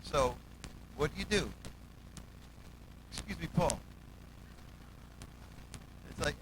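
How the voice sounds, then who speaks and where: A male musical director tells stories in a loose interview. He jumps into different voices for the people in them and counts out beats. There is clear background noise in the recording. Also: slow, long pauses. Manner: animated, acts out quotes, hums bass lines and counts beats. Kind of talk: casual storytelling interview.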